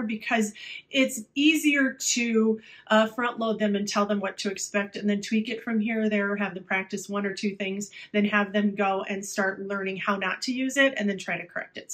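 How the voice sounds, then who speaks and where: A woman who teaches, talking casually through classroom tips with many fillers, often dropping to a quiet voice. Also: mid-range voice. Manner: chatty, many fillers, drops to a quiet, hushed voice at times. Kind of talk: casual instructional talk.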